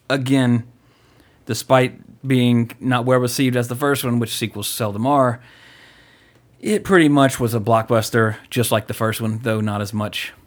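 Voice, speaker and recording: A man hosts a casual movie podcast, rambling and joking, with plenty of fillers. He speaks at an ordinary, middle pitch in a relaxed, loose way. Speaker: podcast host.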